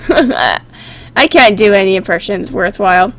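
A woman's voice: a little high, expressive, moderate pace, a bit bright. A woman hosting a gaming video, chatting casually and giggling as she reacts and tries out silly character voices. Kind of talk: casual game commentary.

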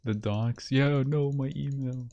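A man chatting on a livestream in a loose, unhurried way. He rambles, jokes and breaks into laughter often. His pitch sits in an ordinary middle range. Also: fairly even intonation, mellow, highs cut off. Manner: rambling, laughs often, joking self-pity. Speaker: streamer. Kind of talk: casual livestream chat.

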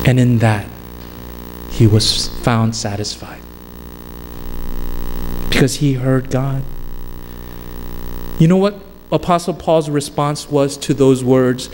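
A man with a fairly high voice preaches in a church sanctuary, and his words linger in a long reverb. His delivery swings up and down with emphasis, and a faint hiss sits beneath it. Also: unhurried, a little mellow. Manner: emphatic, rising and falling preaching cadence. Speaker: pastor. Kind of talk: sermon.

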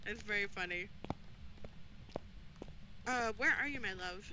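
A woman's voice: medium pitch, unhurried, noisy background. A woman streaming a ghost-hunting game, chatting casually, giggling often and greeting viewers. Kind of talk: casual gameplay chat.

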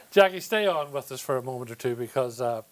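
A man's voice: mid-range voice, animated, moderate pace. A man with a Northern Irish accent hosting a chat show, teasing his guests playfully. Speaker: talk show host. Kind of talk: casual chat show banter.

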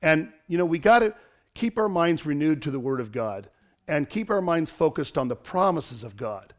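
A middle-aged man preaching an online sermon as pastor, lively and given to laughing asides and dramatic storytelling. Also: fairly high pitch, normal speed.

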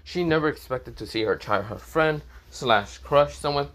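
A man's voice: a little high, animated, moderate pace, a bit bright. A man casually narrating a fan-made story, rambling with lots of filler words and restarts.

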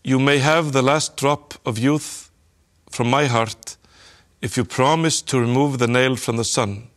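A man reading as a quiet brave boy. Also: mid-range voice, measured pace, close to an everyday voice. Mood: resolute.

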